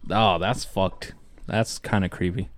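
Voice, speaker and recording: Male co-host, lowish voice, casual slangy banter, dry close recording. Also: steady tone, measured pace, no room sound. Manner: laid-back slangy reactions with swearing. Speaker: podcast co-host. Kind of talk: casual chat.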